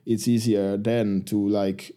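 Low, dark-voiced man. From Argentina. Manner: halting, many restarts and fillers, relaxed. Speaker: guest, professional rugby player. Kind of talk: casual interview storytelling.

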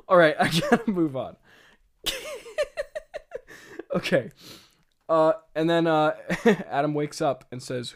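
A man's voice: on the high side, huge pitch swings, takes it slowly, long pauses, fairly bright tone. A man in casual commentary, laughing often and self-mocking as he talks through his old script. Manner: giggly, frequent laughter and filler words. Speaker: writer reviewing his own old script.

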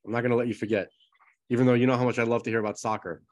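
A man's voice: mid-range voice, little pitch movement, racing. A man co-hosting a podcast in casual chat, joking and easygoing. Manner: joking, easygoing, apologetic asides. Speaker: podcast co-host.

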